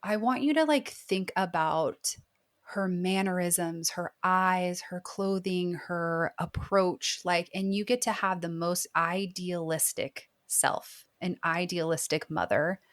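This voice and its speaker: Woman therapist in her thirties, lowish voice, earnest and reflective, loose with fillers. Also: slow pace. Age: 30s. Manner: earnest, reflective, heavy use of "like". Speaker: therapist guest. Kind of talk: podcast interview.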